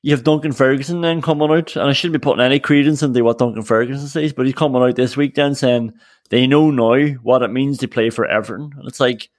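A man's voice: mid-range voice, steady tone, fast talker, no room sound, clean studio sound. A man joins a casual football chat as a guest. He trips over his first words, then makes blunt, sweary points. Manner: stammering starts, blunt and sweary. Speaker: podcast guest.

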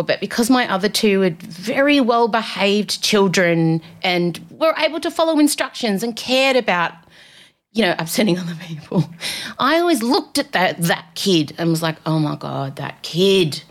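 A woman's voice: a little high, fairly bright tone. A woman hosting a podcast, telling self-mocking stories in a casual, comedic monologue from a studio. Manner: chatty, self-mocking storytelling. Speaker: podcast host.

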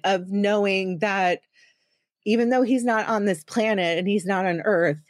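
A woman's voice: medium pitch, measured pace, no room sound, studio quality. A woman in her thirties hosting a podcast, talking in a chatty, self-deprecating and teasing way. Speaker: podcast host. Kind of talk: casual chat.

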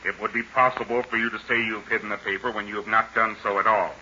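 An actor playing a suave, scheming male villain in a 1930s radio drama, smooth and menacing. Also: fairly low pitch, little pitch movement, quick pace, bright, forceful tone, slight background noise. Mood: sly. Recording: muffled old radio recording.

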